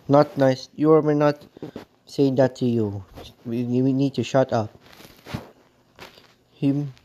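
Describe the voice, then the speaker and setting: A man delivers a ranting vlog monologue in a mellow, darker-toned voice at an ordinary pitch. His phrasing is halting and repetitive, and he stumbles and restarts as he airs grievances in an accusing way. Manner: aggrieved, accusing tone. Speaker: vlogger.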